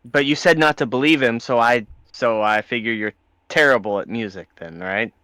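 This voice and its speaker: A teasing man at a tabletop game, with a bright, forward voice that sounds smooth and crisp. The sound is close and dry. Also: mid-range voice, moderate pace, no room sound. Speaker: player.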